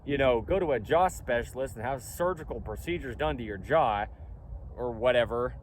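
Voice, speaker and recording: A man's voice: mid-range voice, normal speed. A company founder talking outdoors in a casual vlog, speaking emphatically and insistently while repeating his points. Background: faint wind and traffic noise.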